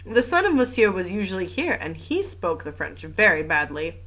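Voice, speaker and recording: A woman's voice: mid-range voice, big pitch swings, moderate pace, a bit bright, rough recording. A woman reading the part of a stubborn, gossipy old female French servant, speaking firmly and with emphasis.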